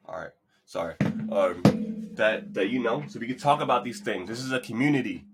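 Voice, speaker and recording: Over loud music, a man with a mid-range voice hosts his own podcast, talking fairly quickly and with animation. His solo monologue is loose, rambling and motivational, and he playfully hypes up an imagined crowd.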